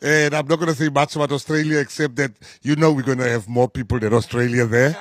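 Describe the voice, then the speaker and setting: Effusive South African minister, emphatic. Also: male voice, mid-range voice, steady tone, fast, hardly any pauses, no room sound, clean studio sound. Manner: effusive, emphatic, repeats phrases. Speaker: government minister. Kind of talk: press conference speech.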